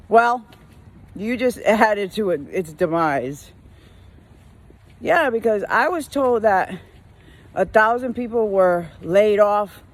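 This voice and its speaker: Exasperated woman ranting in her car. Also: mid-range voice. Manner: exasperated, mimics customers, lots of slang. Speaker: retail worker venting. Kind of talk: casual rant while driving.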